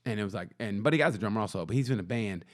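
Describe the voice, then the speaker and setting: A man's voice: fairly low pitch, very fast. A man co-hosting a casual comedy podcast, telling profane stories with acted-out quotes and lots of restarts. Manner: animated storytelling with acted-out quotes. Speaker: podcast co-host.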